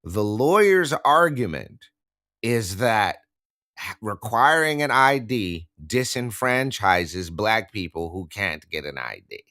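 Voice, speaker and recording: A man's voice: on the low side, expressive, slow pace, pushed and bright, no room sound, clean studio sound. A man co-hosting a casual political morning talk show, reading text aloud with sarcastic, incredulous asides. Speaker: co-host.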